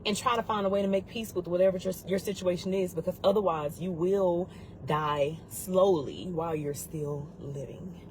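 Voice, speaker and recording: A woman speaks with a slightly low, grounded voice, giving a heartfelt motivational talk about grief. She is earnest and urgent, and she presses her points home by saying key lines again. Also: normal speed, a little mellow, slight background noise, rough recording. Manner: earnest, urgent, repeats key phrases for emphasis.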